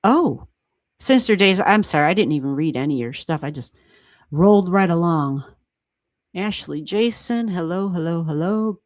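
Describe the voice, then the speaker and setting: A woman hosting a livestream, chatting casually as she reads charts, excitable and laughing often, with casual swearing. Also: on the low side, moderate pace, no room sound. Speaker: astrology livestream host.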